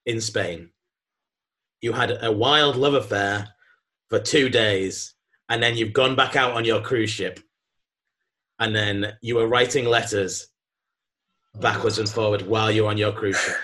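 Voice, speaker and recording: A man's voice: lowish voice, fairly bright tone. A man setting up an improv scene for two players, casual and hesitant with ums. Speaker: improv game host.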